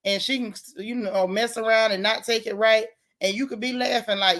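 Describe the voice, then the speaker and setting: A woman's voice: fairly high pitch, steady tone, normal speed, fairly bright tone. A woman hosting a casual livestream, chatting with viewers by name and joking about the news in slang. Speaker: livestream host.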